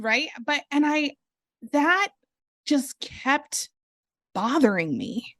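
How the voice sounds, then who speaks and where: A woman hosting a podcast, talking in a casual, animated and earnest way, with quick asides as she explains. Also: a little high, dry recording, clean studio sound. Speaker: podcast host.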